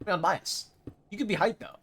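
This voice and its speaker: A man's voice: high-pitched, fairly quick, a little hiss or hum. Chatty young male streamer, rambling. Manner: rambling, chatty, with sudden loud mimicking shouts. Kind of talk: casual gameplay chat.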